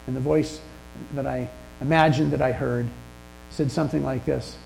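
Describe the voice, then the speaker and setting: A man delivers a sermon in a relaxed, storytelling manner, poking gentle fun at himself. His voice is gravelly and dark in tone. A faint mains hum sits under the recording. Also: mid-range voice, normal speed, low-quality recording. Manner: conversational, self-deprecating anecdotes. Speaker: pastor.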